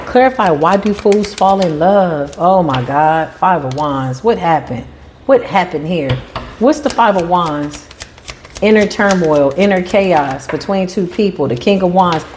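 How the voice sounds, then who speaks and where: A woman giving a tarot reading in an animated, emphatic way, sometimes acting out the voices of the people she describes. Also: on the low side, a little slow, a little hiss or hum. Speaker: tarot reader.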